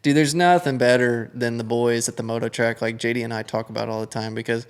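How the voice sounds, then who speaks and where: Young male racer guest, mid-pitch gravelly voice, loose rambling chatter. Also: steady tone, quick pace. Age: young adult. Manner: rambling, filler-heavy, acts out buddies' lines. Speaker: pro flat track racer, guest. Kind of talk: casual podcast chat.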